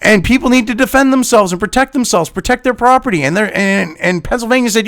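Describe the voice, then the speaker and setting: A man's voice: high voice, fast talker, fairly bright tone, no echo, clean studio sound. A man hosting a political commentary show, reading an article aloud and ranting at it with profane, sarcastic insults. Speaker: commentary host. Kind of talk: angry political rant reacting to an article.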